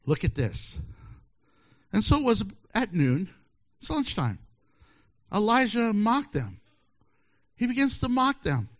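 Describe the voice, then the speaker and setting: A pastor with a high-pitched male voice delivers a joke-filled sermon, acting out scenes with huge pitch swings. He speaks slowly with long pauses and laughs often between lines, and the recording sounds dull and lo-fi.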